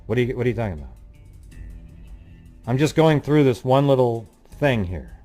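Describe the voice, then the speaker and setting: A man's voice: medium pitch, expressive, normal speed, dark tone, faint music behind. Irritable man scolding his livestream chat. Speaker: livestream host.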